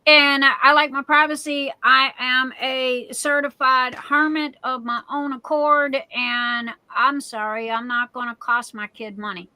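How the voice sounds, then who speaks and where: Bright-voiced candid woman host. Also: high-pitched, little pitch movement, unhurried, few pauses, clean tone, dry recording, low-quality recording. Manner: candid, emotional storytelling. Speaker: livestream host. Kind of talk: casual chat.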